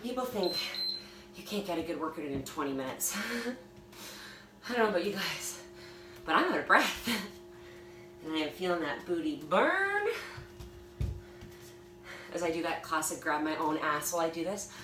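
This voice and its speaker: A fitness instructor leads a home workout class, chatting and cheering viewers on between breaths, filmed by a phone camera across an echoey room with background noise. Her voice sits low and is fairly bright and very animated, at a moderate pace with frequent pauses.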